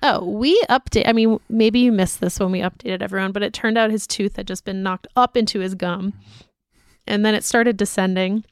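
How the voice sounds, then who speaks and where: A woman's voice: mid-range voice, steady tone, normal speed, clear, resonant tone, no echo, studio quality. A woman co-hosting a casual podcast, reading listener emails aloud with chatty asides. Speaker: podcast co-host.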